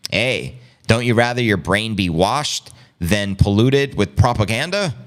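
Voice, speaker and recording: A man's voice: fairly low pitch, unhurried. A man with a New York City area accent hosting a casual live stream, reading viewer chat and calling his audience family. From Long Island, New York. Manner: animated, hype-filled, talks to viewers as family. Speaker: livestream host reading chat.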